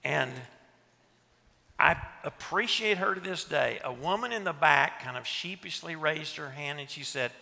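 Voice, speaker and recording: A middle-aged man from West Texas, his nasal twang bright and a little gravelly, teaches a church leadership session and tells jokes at his own expense. His voice sits a touch high and carries the long reverb of a large hall. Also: moderate pace, hardly any pauses. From West Texas, USA. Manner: self-deprecating, joking storyteller. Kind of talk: teaching talk to a seated audience.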